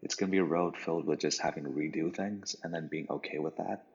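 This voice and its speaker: A man, a podcast guest with a voice getting creaky, rambling casually with lots of fillers. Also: extremely low pitch, steady tone, fast. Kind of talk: casual interview. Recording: dull line with long reverb.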